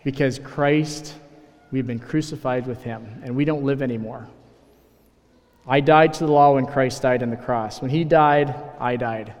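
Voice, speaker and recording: A man preaching a sermon as pastor, earnest and animated, often rising in emphasis. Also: mid-range voice, measured pace. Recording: long reverb of a large hall.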